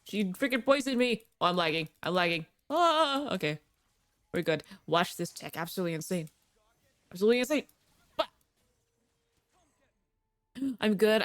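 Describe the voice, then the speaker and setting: A woman's voice: mid-range voice, clear, resonant tone, dry recording, clean studio sound. A young woman livestreaming a game, chatting in a bubbly way with viewers and reacting aloud to the play. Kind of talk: casual gaming stream chat.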